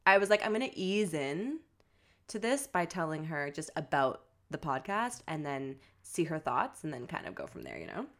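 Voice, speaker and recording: A young woman co-hosts a podcast in her lower register. She talks in a loose, chatty way, full of "like" fillers, and mimics her relatives' lines as she tells a story. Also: very animated, normal speed. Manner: chatty storytelling, many "like" fillers, acts out family quotes. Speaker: podcast co-host. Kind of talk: casual podcast chat.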